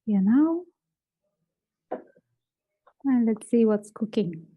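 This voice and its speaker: Soft-toned woman guiding gently. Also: fairly high pitch, extremely slow, rough recording. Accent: Lithuanian. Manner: calm, encouraging, gently prompting. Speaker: self-inquiry guide. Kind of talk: guided inquiry session.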